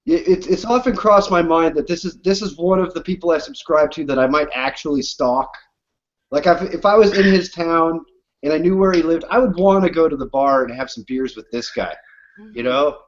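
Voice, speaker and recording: A man's voice: a little high, normal speed. A man in a casual group video chat, speaking in a wry, joking and enthusiastic way. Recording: dull lo-fi video-call audio.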